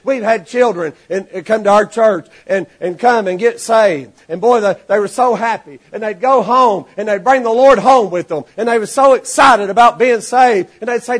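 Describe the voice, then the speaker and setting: A man preaching a sermon to his congregation, animated and rising to shouts, acting out the people in his stories. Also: extremely high pitch, normal speed. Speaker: pastor.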